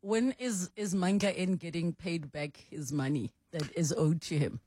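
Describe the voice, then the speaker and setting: A woman's voice: lowish voice, moderate pace, warm tone, slightly rough. A woman hosting a casual chat, teasing and playful with her guest. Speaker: host.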